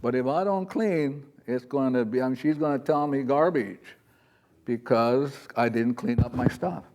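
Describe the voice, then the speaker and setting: A man's voice: mid-range voice, moderate pace, darkish tone. A man teaching a live audience in a loose, rambling, chatty way, often acting out little quoted voices as he talks. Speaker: spiritual teacher. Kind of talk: informal spiritual talk to a live audience. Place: talk in front of an audience.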